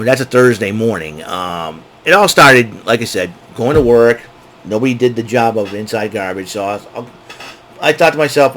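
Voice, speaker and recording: Rambling low-voiced man. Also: a bit bright, a little hiss or hum. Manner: rambling storytelling with many restarts and digressions. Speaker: podcast host. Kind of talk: casual monologue.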